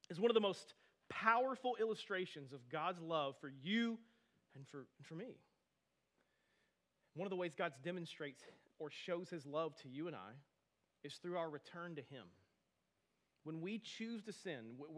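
A male pastor in his thirties delivers a sermon in a relaxed, conversational way. He tells stories animatedly and breaks off into friendly asides. His voice sits slightly higher than most men's.

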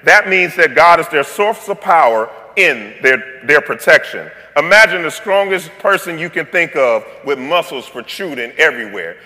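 A man's voice: a little high, expressive, normal speed, few pauses, sharp tone, in a large hall. A male pastor preaching a sermon in a playful, conversational way, with slang and joking asides.

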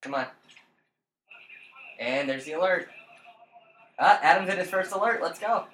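A man's voice: high voice, a little slow, fairly bright tone. A young man co-hosting a casual gaming podcast, teasing and daring his friend with lots of swearing. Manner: taunting, profane, keeps daring his friend. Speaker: podcast co-host. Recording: roomy echo.

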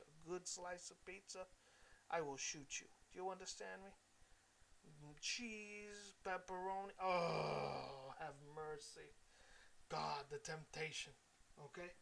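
A man's voice: on the high side, gravelly, fairly bright tone. A man hosting his own solo podcast from his laptop and microphone, talking candidly and profanely and calling his listeners guys. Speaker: podcast host. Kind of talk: casual solo podcast monologue. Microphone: laptop with a bought microphone.

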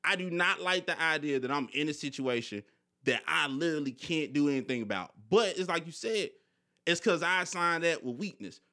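A man's voice: a little high, fairly quick, bright, forceful tone. A young man hosting a podcast, telling personal stories candidly in casual slang with frequent swearing. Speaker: podcast host. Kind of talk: casual conversation.

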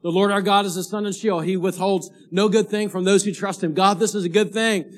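A man, a pastor, preaching a sermon and telling a story in a lively, animated way. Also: sits high, fairly quick. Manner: animated storyteller, rising to excited shouting at the climax.

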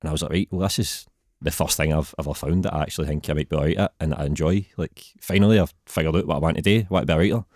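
A man in his thirties with a Glaswegian accent and a very deep voice, chatting casually as a podcast guest and laughing easily. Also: racing, hardly any pauses, darkish tone, no echo, clean studio sound. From Scotland. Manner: laid-back, laughs easily. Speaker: guest writer.

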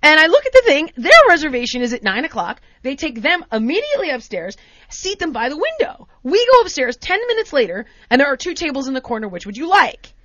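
American woman, podcast host, casual storytelling, swooping expressive pitch, dull lo-fi recording. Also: quick pace, no room sound. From United States. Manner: animated, acts out exchanges in different voices. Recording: dry, dull lo-fi sound.

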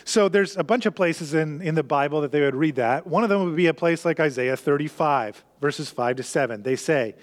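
A man's voice: on the high side, fairly quick, hardly any pauses. A man preaching a sermon, explaining scripture in an earnest, emphatic way and repeating key phrases. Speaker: pastor.

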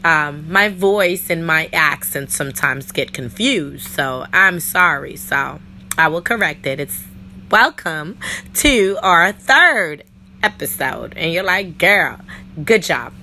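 A woman from New York hosting her own faith podcast, chatty and playful, talking straight to her listeners while her voice is a bit rough this week. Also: sits low, lively intonation, slow pace, bright, forceful tone, a little hiss or hum. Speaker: podcast host. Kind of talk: solo faith podcast monologue.

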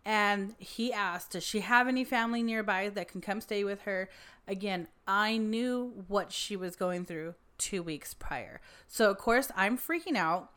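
A woman in casual conversation, recounting events in a lively, animated way. She swears freely and acts out what others said. Her pitch sits in the middle range. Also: unhurried. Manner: lively storytelling, swearing, acting out quotes. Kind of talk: casual chat.

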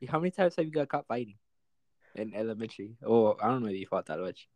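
A young man telling a childhood story in quick, casual, profane slang full of fillers. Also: on the low side, expressive, a little mellow, no room sound.

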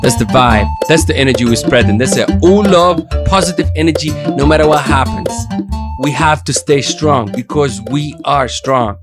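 A man's voice: mid-range voice, normal speed, music in the background. A man hosting a casual chat show from a studio, talking in a hyped, motivational, joking way. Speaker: show host.

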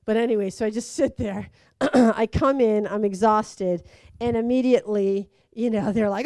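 A woman's voice: fairly high pitch, moderate pace, dry recording. A young woman animatedly telling a personal story, acting out voices and laughing along. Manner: lively, acts out quoted voices, laughs through it.

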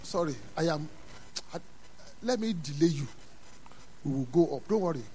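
A man preaching a sermon in a church, dropping to quiet asides and then rising to loud, emphatic calls. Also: a little high, lively intonation, moderate pace, a little hiss or hum. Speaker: pastor.

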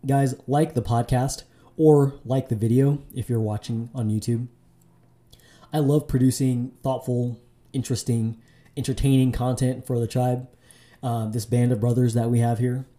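A man's voice: mid-range voice, mellow. A man hosting his own podcast, talking solo in a casual, loose way, with fillers and restarts. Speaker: podcast host.

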